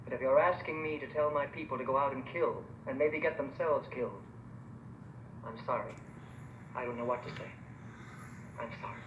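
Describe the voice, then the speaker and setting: An actor doing a troubled parson whose quiet, hesitant words sound in an echoey space. Clear hiss runs under the old film recording. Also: male voice, medium pitch, brisk, hardly any pauses, close to an everyday voice. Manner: hesitant, subdued.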